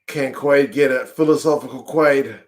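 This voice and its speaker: A man hosting a live rugby watch-along from home, commentating on the match, chatting with viewers, and yelling at the TV in excitement. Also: medium pitch, normal speed. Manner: excitable, yells at the screen, chats with viewers. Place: home, in front of a TV.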